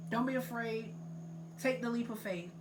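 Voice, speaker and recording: Her voice is a little high and moves at normal speed over background noise. Giving a relaxed tarot reading, she rambles with plenty of likes and ums, earnestly pressing the listener to let go.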